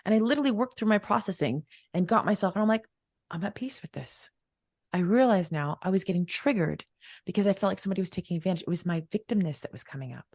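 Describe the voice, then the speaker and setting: Fast-talking woman, emphatic storyteller. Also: medium pitch, darkish tone, dry recording, clean studio sound. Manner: acts out quoted dialogue, emphatic and repetitive. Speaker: podcast guest, wealth mentor. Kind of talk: animated personal storytelling.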